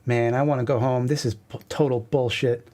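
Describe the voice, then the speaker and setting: A man's voice: medium pitch, steady tone, normal speed, mellow, natural voice. A man voicing a grumpy, cynical young man in a webcomic reading. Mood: sullen. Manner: sullen, muttering.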